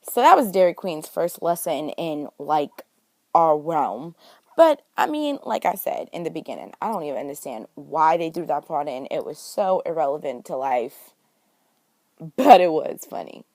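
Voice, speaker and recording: She has a low, darkish, very animated voice, talking at normal speed with no echo. A young woman vlogger, she chats through a TV episode recap full of slang and drama, acting out the scenes in different quoted voices.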